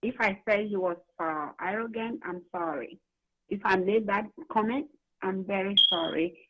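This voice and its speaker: A woman's voice: medium pitch, moderate pace, heavy background noise. A woman calling into a radio show, speaking hesitantly and apologetically. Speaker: caller. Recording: muffled phone line.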